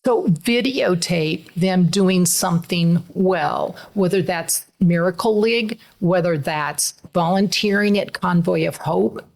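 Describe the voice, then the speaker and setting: Earnest middle-aged woman with gravelly voice. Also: lowish voice, takes it slowly, few pauses, darkish tone. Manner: earnest, emotional, laughs through tears. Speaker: podcast co-host, mother. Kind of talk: casual podcast conversation.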